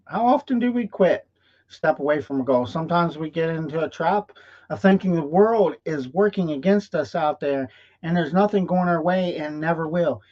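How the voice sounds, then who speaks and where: In dull lo-fi livestream audio, a man with a slightly high voice speaks at normal speed. He's a host telling a folksy motivational story, frequently checking in with "okay?"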